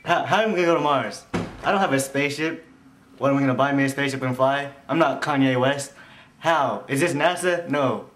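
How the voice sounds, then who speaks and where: A young man from California, deadpan and incredulous in a comedy sketch. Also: mid-range voice, brisk. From Northern California. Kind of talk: comedy sketch, mock self-questioning. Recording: echoey room with clear noise.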